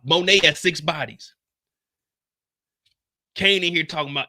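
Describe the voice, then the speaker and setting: Man, show recap host, bright tense voice, excitable slangy storytelling, mouth-made gunshot sounds. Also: a little high, moderate pace. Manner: excitable, acts out scenes with gunshot sound effects. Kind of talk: animated episode recap commentary.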